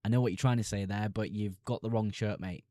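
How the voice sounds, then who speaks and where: A man's voice: fairly low pitch, steady tone, quick pace, warm tone, dry recording, studio quality. A man with a Sunderland accent hosting a live fantasy football stream. He reads viewers' questions aloud and answers them in a casual, chummy way. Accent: Sunderland (Mackem). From Sunderland, North East England.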